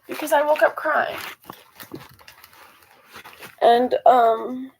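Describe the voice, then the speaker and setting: A teenage girl talks straight to her camera in a loose, rambling vlog. Her voice sits a little high and drops into gravelly fry. She circles back and corrects herself as she goes. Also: animated, normal speed, a little hiss or hum, poor audio. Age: teens. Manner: rambling storytelling with many restarts and fillers. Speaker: vlogger. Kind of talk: casual talking-to-camera vlog.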